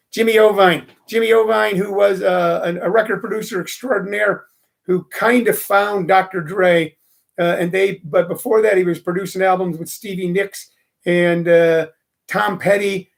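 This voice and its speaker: A man's voice: sits high, vocal fry. A middle-aged man hosting a loose, rambling live stream, chatting with viewers and greeting them by name. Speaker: host.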